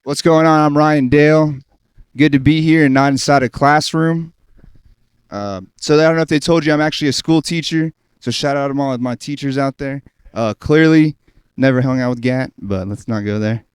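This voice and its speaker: A man's voice: fairly high pitch, normal speed, smooth, no room sound. A man who is a schoolteacher doing a chatty, self-deprecating stand-up set in a podcast studio. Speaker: schoolteacher and comedian.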